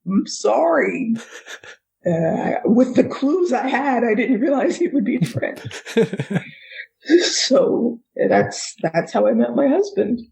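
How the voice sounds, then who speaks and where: A woman from the United States, a guest author telling a personal story in a lively way and laughing often. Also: a little high, slow, vocal fry, rough recording. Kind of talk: casual storytelling.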